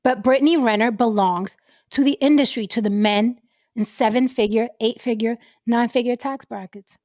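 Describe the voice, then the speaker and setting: A woman's voice: on the high side, moderate pace, darkish tone, no room sound, clean studio sound. A woman hosting a podcast, ranting about celebrity gossip in a brash, profane, blunt manner. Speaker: podcast host.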